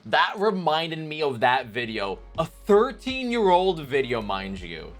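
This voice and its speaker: A man streaming live, chatting casually with his viewers in a rambling, animated way. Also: a little high, takes it slowly, faint music behind. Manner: rambling, animated, talks to chat as "boys".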